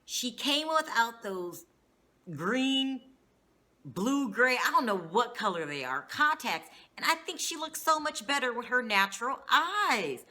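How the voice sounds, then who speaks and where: Animated, bright-voiced woman recapping TV. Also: a little high, measured pace. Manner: animated, gossipy, swears casually. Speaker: TV reality show reviewer. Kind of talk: casual recap monologue.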